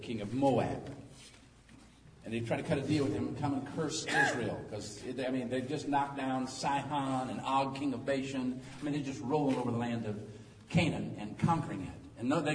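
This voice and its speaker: A middle-aged man preaching a sermon, telling the story in a folksy, joking, animated way. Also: mid-range voice. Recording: echoey hall, distant mic, faint noise.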